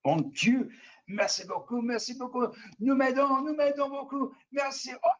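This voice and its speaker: Man voicing a frantic French Canadian captive, French Canadian accent, high, pleading, tabletop game. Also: normal speed, muffled recording. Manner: pleading, babbling in broken English and French.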